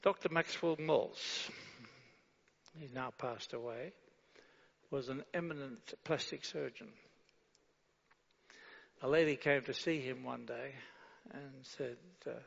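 A preacher with a steady, creaky, medium-pitched voice delivers his sermon unhurriedly. He asks rhetorical questions, firmly answering no, and guides the congregation through a prayer read aloud, all in a dull recording with long hall reverb.

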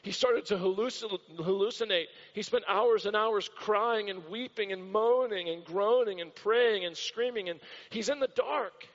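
American pastor, high voice, repetitive storyteller, muffled church recording. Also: male voice, moderate pace, few pauses, fairly bright tone. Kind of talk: sermon. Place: church hall. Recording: dull recording with long hall reverb.

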